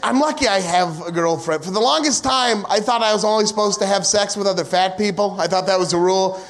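High-voiced, self-mocking stand-up comedian man. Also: fairly quick, fairly bright tone. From United States. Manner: rambling, self-mocking, profane rants with acted-out asides.

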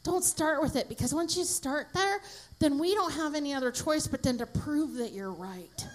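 A woman's voice: sits high, lively intonation, moderate pace, very noisy. A middle-aged woman stand-up comedian, brash and crude, laughing through her stories on a comedy club stage. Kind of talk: profane stand-up and stage interview.

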